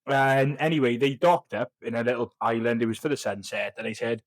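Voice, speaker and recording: A man's voice: medium pitch, fairly even intonation, a little fast, dry recording, low-quality recording. A young man, a podcast guest telling rambling, sweary, self-mocking stories. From Wales. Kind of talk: casual chat.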